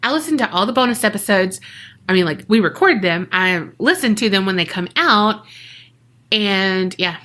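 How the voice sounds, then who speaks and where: A woman's voice: mid-range voice, lively intonation, moderate pace, pushed and bright. A woman co-hosting a podcast in a casual, chatty way, laughing often and talking straight to listeners. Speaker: podcast co-host. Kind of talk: casual chat.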